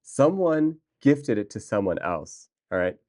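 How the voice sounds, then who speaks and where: Excitable, rambling male streamer, lowish voice. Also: measured pace. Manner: rambling, excitable, frequent laughs and restarts; reads and answers viewer chat. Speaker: livestreamer. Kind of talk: casual stream chat.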